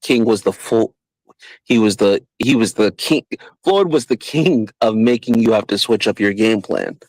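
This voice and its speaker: A man hosting a podcast in casual chat, getting animated when he describes fights. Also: lowish voice, moderate pace, no room sound, rough recording. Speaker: podcast host.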